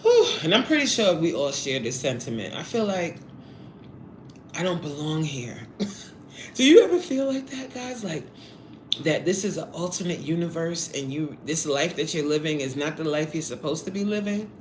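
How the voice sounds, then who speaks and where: Low-voiced and animated, this forty-something livestreamer keeps things playful and chatty, reading chat and eating mid-sentence at normal speed. There's a roomy echo and a faint hiss in the recording.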